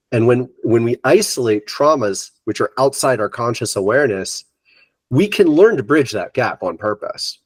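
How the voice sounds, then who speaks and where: A middle-aged yoga teacher tells a personal story in an interview, speaking animatedly and acting out what other people said. His voice is mid-range, and the recording is dry.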